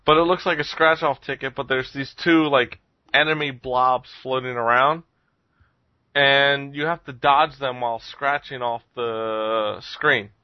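A man's voice: medium pitch, fairly even intonation, measured pace, no echo, dull audio. A man hosting a casual podcast chat, rambling with lots of ums and frequent chuckles. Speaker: podcast host reviewing games.

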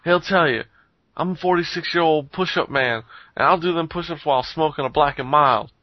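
A man acts out a pushy, boastful street hustler in middle age, pitched slightly above the teller's own voice. He repeats his claims over and over. The sound is dry and a bit muffled. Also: fairly quick, dry recording, close to an everyday voice. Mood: insistent. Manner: insistent, repetitive boasting.

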